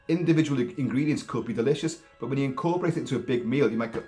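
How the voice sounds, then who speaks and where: A man talking casually about a film, rambling in an animated way with many restarts and put-on voices. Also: medium pitch, very fast, few pauses, soft background music. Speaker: film commentator.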